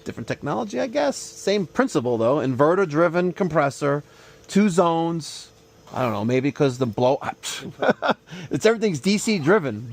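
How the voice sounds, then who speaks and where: Talking up a freshly installed system like an infomercial, this HVAC contractor hosts a casual vlog from the job site. His voice sits on the high side and has a creaky texture.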